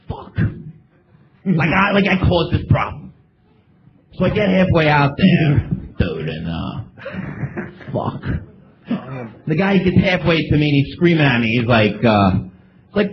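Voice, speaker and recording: Animated high-voiced man telling a story. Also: unhurried, creaky, long pauses. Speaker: comedian guest. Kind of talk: comedy storytelling on radio. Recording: dull radio recording with crowd.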